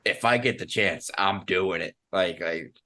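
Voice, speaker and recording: A man's voice: sits low, a little slow, sharp tone, slight background noise. A young man giving blunt opinions in casual podcast banter. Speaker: podcast co-host.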